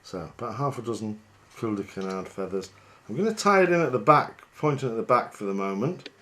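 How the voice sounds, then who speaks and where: A man, working as a fishing guide, talking through a fly tying demonstration in a chatty, relaxed, self-deprecating way. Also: lowish voice, brisk.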